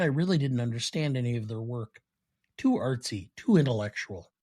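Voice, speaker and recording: A vain, cold-blooded male yuppie killer, delivered in a flat, deliberate read by a man quoting a film on a podcast. The voice is husky and breathy, set at a middling pitch for a man. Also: natural voice. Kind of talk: reading film quotes aloud.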